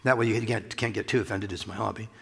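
A pastor delivers a sermon in a church sanctuary, his fairly low, husky voice steady in tone with a touch of vocal fry. He talks fast and loosely, chuckling and tossing in asides like he's chatting. The big hall gives the recording a long reverb.

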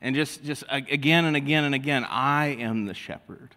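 A man's voice: medium pitch, bright, forceful tone. A man preaching a sermon as pastor, drawing out key phrases and calling for responses from the congregation. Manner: slow, emphatic preaching with drawn-out phrases and audience call-and-response. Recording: long hall reverb.

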